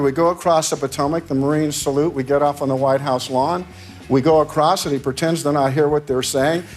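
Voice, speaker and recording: Older American man, chatty anecdotal storyteller, a bit higher-pitched. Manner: rambling storyteller, laughing, restarts. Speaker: actor telling stories on talk shows. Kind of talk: casual anecdotes.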